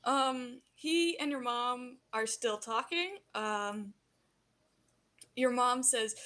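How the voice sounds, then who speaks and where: A woman narrating as game master of a tabletop role-play game, acting out characters with animated delivery. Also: a little high, extremely slow.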